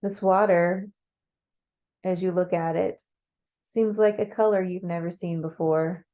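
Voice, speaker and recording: A woman narrating a guided meditation in a slow, calm, measured way. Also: lowish voice.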